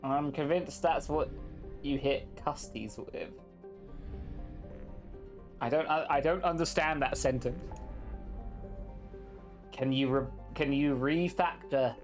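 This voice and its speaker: A man's voice: medium pitch, slow, pauses often, soft background music. Joking man streaming a game. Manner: joking, teasing banter, reads chat aloud. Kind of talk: casual live-stream chat while gaming.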